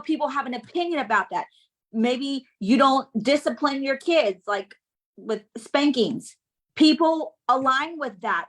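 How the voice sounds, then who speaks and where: A woman giving a lively business coaching talk on a live stream, often checking in with her audience. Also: sits high. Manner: energetic, keeps checking in with the audience.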